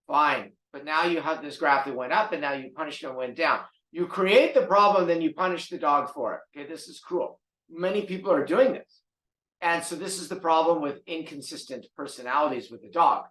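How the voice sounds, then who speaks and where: A man talks casually on his podcast as a dog trainer, speaking a little high. He stresses his points with force and repeats key words. His voice rings in a roomy, echoey space. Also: moderate pace, fairly bright tone. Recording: roomy echo.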